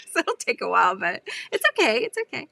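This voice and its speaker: A woman's voice: fairly high pitch, wildly swooping pitch, a little fast, creaky, pushed and bright, dry recording. A woman in her forties hosting a casual craft livestream, chatting and greeting viewers from comments with frequent laughs and fillers. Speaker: livestream host. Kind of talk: casual live-stream chat while crafting.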